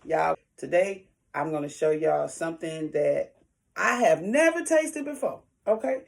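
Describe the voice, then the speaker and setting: A woman's voice: sits low, lively intonation, unhurried, gravelly. A woman talking casually to her viewers in an eating vlog, chatty and folksy, chewing while she talks. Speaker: food vlogger.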